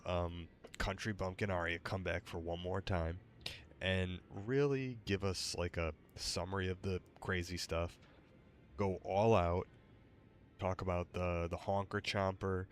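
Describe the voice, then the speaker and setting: A man's voice: deep voice, fairly even intonation, a little slow. A tired man hosting a late-night gaming stream, rambling with hesitant fillers and yawns. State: tired, yawning. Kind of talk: casual gaming stream chat.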